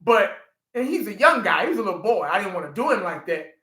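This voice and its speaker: A man in his forties chatting casually on a livestream, an animated storyteller who laughs often and talks to his chat. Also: sits high, brisk, reverberant, low-quality recording. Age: 40s. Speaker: livestream host.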